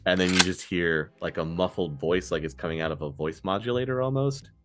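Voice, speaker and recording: Deep-voiced male game master. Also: a little fast. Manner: relaxed, laughs often. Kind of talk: narrating a tabletop game.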